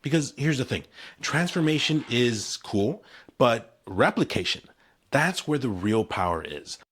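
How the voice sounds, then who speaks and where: Upbeat man in his 40s pitching. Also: sing-song, unhurried, fairly bright tone, breathy edge. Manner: upbeat, punchy sales pitch in short emphatic phrases. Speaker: vlogger selling his own hair product. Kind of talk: scripted promotional talk to camera.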